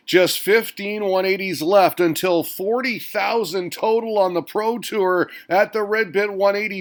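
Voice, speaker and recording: Male sports recap host, high pitch, playful punchy scripted delivery. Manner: upbeat and playful, with punchy exclamations. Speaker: host of a darts recap show.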